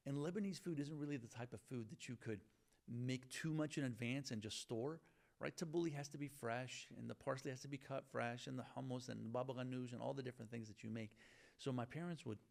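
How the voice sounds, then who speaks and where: A man's voice: mid-range voice, creaky, a little mellow. A middle-aged man with a Southern US accent, telling stories in an earnest, grateful way during an interview, often restarting his sentences. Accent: Southern US (Virginia). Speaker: guest. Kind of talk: conversational interview storytelling.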